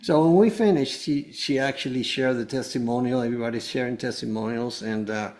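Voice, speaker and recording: An earnest man tells a personal story as a guest, his voice sitting at an everyday middle pitch. He wanders through the telling and keeps backing up to restart his sentences. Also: a little fast, a little mellow. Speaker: guest, cancer survivor. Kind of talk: personal testimony told to a host.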